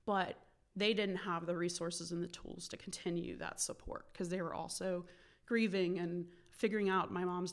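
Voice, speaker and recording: A young adult woman on a panel telling her personal story in a chatty way, often saying "like" and acting out what she once said. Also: mid-range voice. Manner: chatty, fills speech with "like", acts out her own past remarks.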